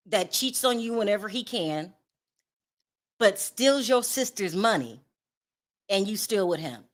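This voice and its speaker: A woman dishes celebrity gossip in loose, casual commentary. Her voice is bright and sits a little high for a woman. She talks bluntly, with plenty of sass and dismissiveness.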